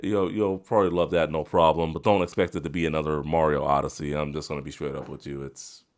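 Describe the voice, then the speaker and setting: A man's voice: extremely low pitch, flat delivery, fast. A man hosting a gaming podcast, casually running through release dates with frequent fillers and laughs. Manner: laid-back, reads release list with fillers. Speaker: podcast host. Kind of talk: casual chat.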